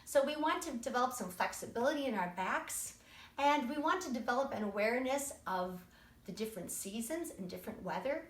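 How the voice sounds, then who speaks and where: Brief: upbeat woman kids' music teacher, sing-song and encouraging, fairly high voice, roomy sound. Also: lively intonation, a little fast. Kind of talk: live-streamed lesson with chants. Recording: roomy echo.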